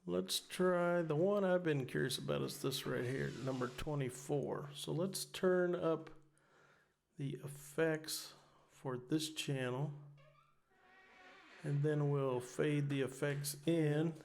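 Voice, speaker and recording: A man's voice: on the high side, vocal fry, a little hiss or hum. A man hosting his own gear review, casually talking through a mixer demo at home. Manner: relaxed, unhurried, talking through each knob as he tries it. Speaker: host of a gear review channel.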